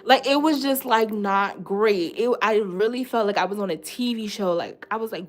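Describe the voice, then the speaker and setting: A young woman vlogger telling a personal story in a casual storytime style, animated, with sudden loud outbursts, quiet asides and swearing. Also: medium pitch, normal speed, soft background music.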